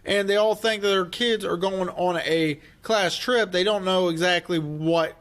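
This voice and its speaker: A man with a fairly high voice walks through a film's story in casual podcast chat. He explains step by step, with a few fillers and restarts. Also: unhurried, fairly bright tone. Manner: explanatory, recapping plot with fillers. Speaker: film review podcast co-host. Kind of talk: casual movie discussion.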